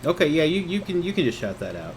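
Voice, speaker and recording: Man, dungeon master, casual and halting, audible background noise. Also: on the high side, big pitch swings. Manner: casual, halting, many fillers. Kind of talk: narrating a tabletop game. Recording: noisy home recording.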